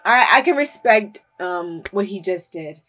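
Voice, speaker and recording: A woman with a medium-pitched voice hosts an anime reaction video, speaking in an animated but unhurried way. She talks back at the screen and erupts into loud, emotional outbursts full of cursing.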